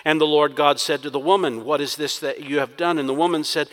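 A man's voice: on the high side, fairly even intonation, brisk, a bit bright. Preacher guy, dramatic, acts out the quotes, long reverb like a church. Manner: dramatic, voices quoted prayers with rising intensity. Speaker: pastor. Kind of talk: sermon.

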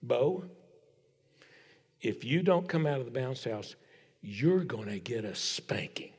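A preacher doing a firm young dad. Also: male voice, sits high, moderate pace, a bit bright, pitched above the performer's own voice. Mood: stern. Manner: firm, coaxing parental warnings. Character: young father, patient then stern. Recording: long reverb of a large hall.

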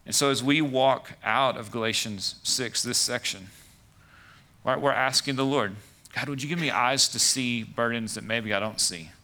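A man's voice: medium pitch, normal speed, pushed and bright. A man preaching a conversational sermon as pastor, full of "like" and "right" asides.

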